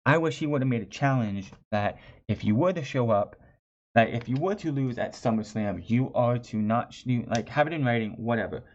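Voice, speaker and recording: A man's voice: mid-range voice, brisk, a little mellow. A man reviewing a wrestling show in a chatty, sarcastic way, often restarting his phrases. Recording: dull lo-fi recording.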